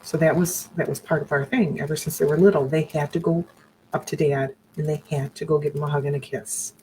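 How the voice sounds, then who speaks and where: A middle-aged woman speaks with a low, warm, mellow voice. She tells her own story earnestly and reflectively, often turning to faith. A faint steady noise sits under the recording. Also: fairly quick, poor audio. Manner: earnest, reflective, religious phrasing. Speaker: survivor sharing her story on a live broadcast. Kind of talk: personal storytelling to viewers.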